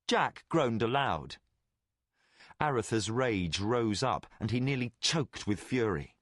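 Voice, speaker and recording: A man narrating a fantasy audiobook in deliberate, expressive storytelling. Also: medium pitch, no echo, studio quality. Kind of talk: scripted narration.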